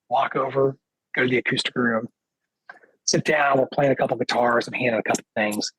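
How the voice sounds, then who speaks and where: Husky-voiced man telling a story. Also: mid-range voice, fairly quick, dry recording, low-quality recording. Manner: lively anecdote teller, acts out quoted dialogue. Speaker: guest guitarist. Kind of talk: casual storytelling interview.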